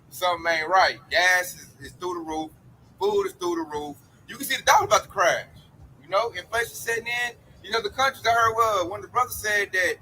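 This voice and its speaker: A man's voice: high voice, pushed and bright, slight background noise, rough recording. A man preaching in an emphatic, slangy street style about coming judgment.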